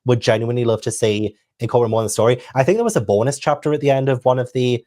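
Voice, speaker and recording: A man's voice: medium pitch, very fast, warm tone. A man hosting a casual chat, talking thoughtfully and rambling with many fillers. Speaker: host.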